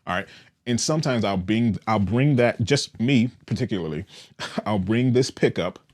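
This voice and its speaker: A man casually demonstrating and explaining a bass guitar's controls, in a relaxed, explanatory way with frequent "all right" checks. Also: normal speed. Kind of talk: casual instructional demo.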